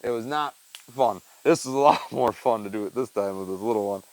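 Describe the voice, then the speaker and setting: A young man with a lowish, slightly mellow voice talks fairly quickly while working on a chicken feeder in a backyard with a chicken coop and tool bench. Recorded on a wearable mic with poor audio, he vlogs casually, rambling and saying "dude" and "man" a lot.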